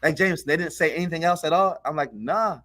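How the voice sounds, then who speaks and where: A man on a podcast telling a childhood story in a casual, animated way, acting out the voices of the people in it. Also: a little high, brisk, a loud crowd. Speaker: podcast co-host.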